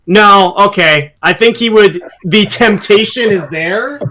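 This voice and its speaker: A man playing his character in a tabletop role-playing game, talking in a halting way with many fillers and restarts. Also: sits high, bright, forceful tone, a little hiss or hum. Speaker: tabletop player.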